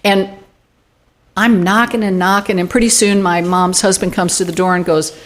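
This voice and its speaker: A woman's voice: fairly low pitch, steady tone, moderate pace. A woman in her sixties, a guest in an interview, telling a personal story with animation and acting out the quoted dialogue. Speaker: guest, UFO group director.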